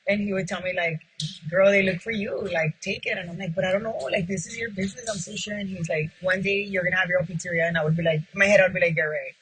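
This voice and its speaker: A pizzeria owner, a woman with a lowish, steady voice, talks fast in an interview with a fairly bright, slightly rough tone. She retells her story by acting out both sides of past conversations and says "like" constantly. The recording is rough.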